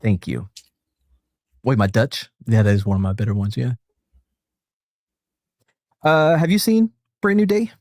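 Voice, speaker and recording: A man hosting a casual stream, rambling and joking as he reacts to a video. His voice rises and falls a lot, sitting at an everyday middle pitch. The sound is dry and close. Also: animated, measured pace, long pauses, a little mellow, dry recording. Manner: rambling, joking, chuckles often. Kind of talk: casual chat.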